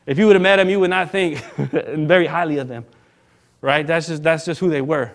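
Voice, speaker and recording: A man, a minister telling a personal story in a casual, animated sermon and acting out the other people in it. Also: a little high, fairly quick.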